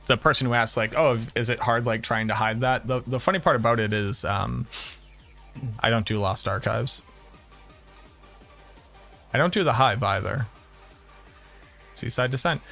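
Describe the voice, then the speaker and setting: A man with a Boston accent chatting casually on a game stream, telling animated stories and swearing freely. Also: mid-range voice. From Boston area, USA. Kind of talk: casual live-stream chat.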